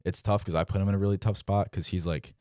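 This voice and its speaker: A man's voice: low voice, quick pace, no room sound, clean studio sound. A young man in his twenties, a pro baseball player and podcast guest, telling stories in a casual way and acting out quoted dialogue, with a lot of "like". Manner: animated, acts out quoted dialogue, frequent "like". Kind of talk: casual storytelling.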